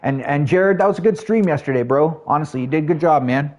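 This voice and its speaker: A man's voice: fairly high pitch, quick pace, darkish tone. A man from Canada with a Canadian accent, chatting casually with his viewers while he plays a game, friendly and full of fillers. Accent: Canadian English. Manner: chatty, addresses chat and viewers by name, friendly filler-heavy talk. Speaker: streamer. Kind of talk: casual live-stream chat while gaming.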